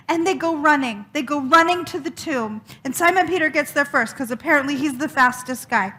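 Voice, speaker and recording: A woman minister giving a sermon, retelling a story dramatically with expressive, emphatic repetition. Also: high-pitched, fairly quick, few pauses.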